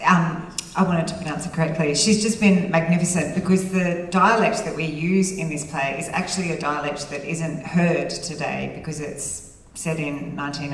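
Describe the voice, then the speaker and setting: An actress talking eagerly on a theatre panel, explaining her work on a role. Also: low-pitched. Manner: enthusiastic, explanatory. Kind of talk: panel discussion. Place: theatre before a live audience. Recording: theatre reverb, distant mic.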